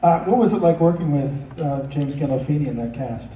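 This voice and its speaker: A man's voice: fairly high pitch, brisk, warm tone, dull audio. A man interviewing a guest at a convention panel, asking short follow-up questions. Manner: brief prompts and follow-up questions. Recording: roomy, distant mic, faint hiss.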